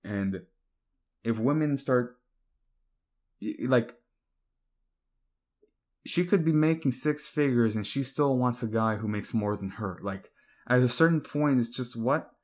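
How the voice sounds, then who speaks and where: A man's voice: medium pitch, a little slow, long pauses, darkish tone. A young man talking casually to the camera in a rambling, hesitant way, full of fillers and restarts. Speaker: vlogger.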